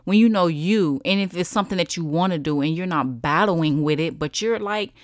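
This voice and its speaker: A woman's voice: lowish voice, brisk, no room sound, clean studio sound. A woman in her thirties hosting a solo podcast, chatting in an encouraging way and talking straight to her listeners. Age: 30s. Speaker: podcast host. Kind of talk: casual solo podcast talk.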